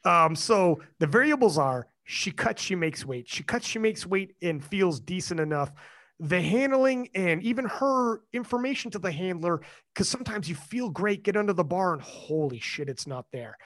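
A man with a fairly high voice hosts a loose sports chat. He talks with lively swings up and down and drops curses freely. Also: normal speed. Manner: animated and swearing, swings up and down. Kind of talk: casual chat.

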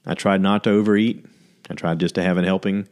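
Man, podcast host, very deep voice, candid, self-deprecating, casual rambling talk. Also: steady tone, fast talker, a little mellow. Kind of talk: casual solo podcast monologue.

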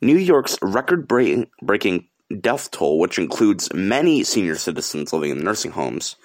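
Angry deep-voiced teen boy ranting. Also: sing-song, normal speed. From upstate New York. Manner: angry, profane, rambling rant. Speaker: podcast host. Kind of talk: solo podcast rant.

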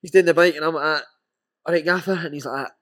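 A Scottish man in his thirties, a former footballer telling animated, sweary anecdotes in a casual chat. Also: a little high, fast.

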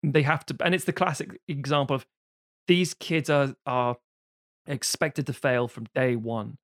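A man, co-hosting a podcast, reviewing a film in casual, sweary, animated chat. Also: medium pitch, measured pace, dry recording, clean studio sound. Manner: sweary, animated retelling of scenes. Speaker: podcast co-host reviewing films.

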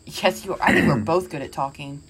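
A woman's voice: on the low side, lively intonation, normal speed, slightly rough. A woman co-hosting a podcast with her husband, chatting casually and teasing him. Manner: teasing, laughs often. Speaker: podcast co-host. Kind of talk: casual chat.

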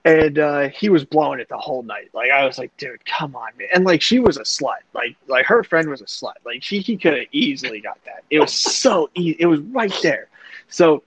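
The young podcast host here has a husky, fairly bright, slightly high voice with lively intonation and a moderate pace. He rambles profanely through a long personal story, peppered with "like" and other fillers, in a casual chat recorded dry with a dull lo-fi sound.

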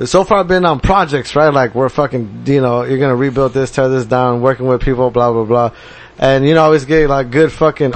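A man's voice: mid-range voice, fast. A man, a podcast co-host, chatting casually and swearing a lot as he vents about his new job. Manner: profane, venting, storytelling. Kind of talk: casual chat.

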